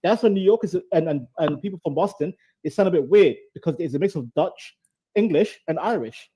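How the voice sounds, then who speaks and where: High, lively voice, kinda husky, guy from the uk stammering through a stream debate. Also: brisk, dry recording, rough recording. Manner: stammering, restarts a lot. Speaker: debate participant. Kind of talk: heated debate on a livestream.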